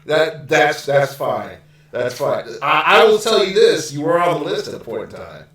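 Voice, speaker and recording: A man's voice: fairly high pitch, very animated, normal speed, fairly bright tone, very echoey. Chatty man hosting with robotic glitch. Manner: loose and chatty, lots of fillers. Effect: glitchy robotic-sounding audio. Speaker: podcast host. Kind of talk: casual gaming podcast chat.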